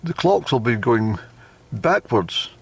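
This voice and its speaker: A man's voice: mid-range voice, sing-song, slow, gravelly, husky. A man, rambling in a wry, self-deprecating vlog monologue recorded outdoors. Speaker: vlogger. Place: outdoors in a car park.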